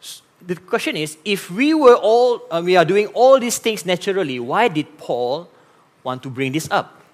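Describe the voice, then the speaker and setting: A man with a Malaysian English accent preaching a sermon as pastor, animated and often repeating key phrases. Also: high voice, moderate pace.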